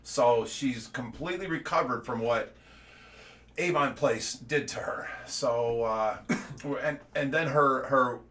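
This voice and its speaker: Talking slowly at medium pitch with a fairly bright tone, a middle-aged American fish rescue owner rambles through a casual livestream update. He repeats words and breaks into laughs between his stories.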